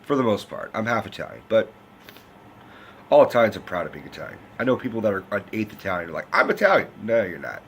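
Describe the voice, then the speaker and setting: Loud, profane man ranting about movies. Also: lowish voice, animated, quick pace, a little hiss or hum. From United States. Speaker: film reviewer. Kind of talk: casual movie rant.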